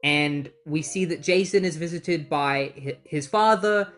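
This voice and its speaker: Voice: medium pitch, measured pace, a bit bright, soft background music. A comic book reviewer recapping issues in casual chat, with exasperated asides.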